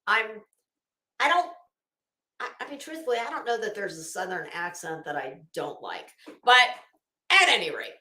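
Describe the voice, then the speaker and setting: A woman's voice: medium pitch, very animated, normal speed, long pauses, bright, forceful tone. A woman streaming and chatting casually, rambling with many restarts and fillers. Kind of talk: casual chat. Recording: echoey room.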